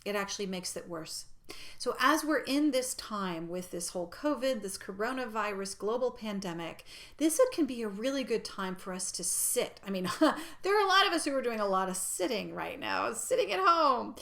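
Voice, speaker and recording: A woman giving a reflective personal growth talk in a gentle, reassuring way, sometimes dropping to a soft near-whisper. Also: fairly high pitch, big pitch swings, moderate pace, creaky.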